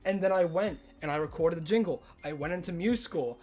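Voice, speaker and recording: A man's voice: fairly high pitch, fast, a little mellow. A young man from Tasmania with an Australian accent carrying a touch of American, chatting casually with his live-stream viewers and answering their chat in a self-mocking way. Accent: Australian with some American influence. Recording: faint music behind.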